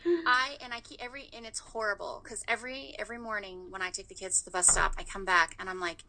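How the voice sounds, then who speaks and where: A woman's voice: medium pitch, quick pace, sharp tone, poor audio. A woman in her thirties in casual chat, telling a story with animation and swearing freely.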